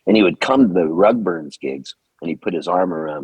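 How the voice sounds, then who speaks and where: A man's voice: deep voice, a little fast, hardly any pauses, slightly rough, dry recording. A man in his sixties, a musician guest telling stories in an interview and acting out the people he quotes. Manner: lively storyteller who acts out the people he quotes. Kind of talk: storytelling interview.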